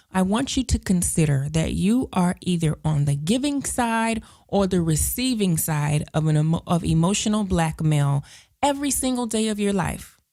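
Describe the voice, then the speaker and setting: A woman hosting a radio talk show, telling stories in an animated way and acting out the voices of the people in them. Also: lowish voice. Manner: animated storyteller, acts out voices.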